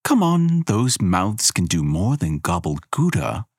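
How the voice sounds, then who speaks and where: A man's voice: sits low, sing-song, measured pace, a little mellow, breathy edge, no echo, studio quality, heavily acted. A man voicing a capricious female fire goddess who taunts and threatens, sly and theatrical. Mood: taunting.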